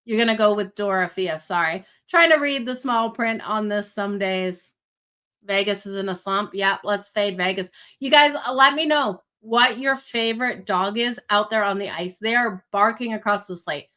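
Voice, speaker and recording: A bright, clear-toned woman hosting a live sports picks stream, speaking with a Canadian accent that still lets slip Australian vowels. She talks to her viewers in a chatty, upbeat way, giving shout-outs and reminders. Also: medium pitch, normal speed. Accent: Canadian with Australian traces. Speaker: sports betting host.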